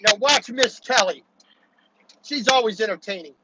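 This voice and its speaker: A man's voice: high voice, normal speed. A man from Baltimore, a truck driver, chatting casually while driving, rambling with many restarts and "you know"s. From Baltimore, USA. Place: in a truck cab on the road. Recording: loud road and engine noise in a truck cab.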